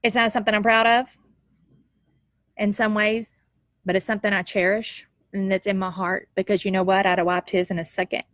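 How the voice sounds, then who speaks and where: A woman's voice: medium pitch, little pitch movement, a little fast, a bit bright, no room sound, clean studio sound. A woman, telling a personal story in an emotional, heartfelt and reflective way, tearful at times. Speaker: nurse sharing a personal story.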